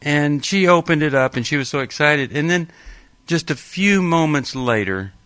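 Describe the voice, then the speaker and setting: A man's voice: fairly high pitch, expressive, normal speed, fairly bright tone, dry recording. A man hosting a call-in radio show, chatting casually with fillers and playful jokes.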